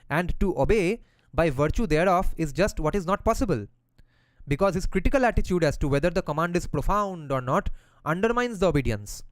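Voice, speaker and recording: A man's voice: a little high, no echo. A man who reads passages from a philosophy text aloud and explains them in a casual way, using slang and the odd swear word.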